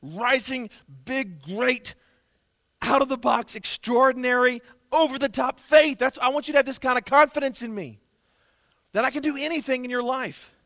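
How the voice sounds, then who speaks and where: A male pastor speaking as Jesus, a high, bright, emphatic voice that builds as it exhorts. The sound is dry and close, with slow, stressed words. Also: no echo, heavily acted. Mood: exhorting. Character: Jesus, adult man, marveling and exhorting.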